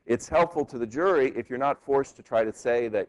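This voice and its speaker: A man's voice: lowish voice, moderate pace, few pauses, highs cut off. A man teaching a law class in a university lecture hall. He speaks conversationally and keeps asking the class "right?" as he goes. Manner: conversational, frequent tag "right?", animated rhetorical questions. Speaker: law professor.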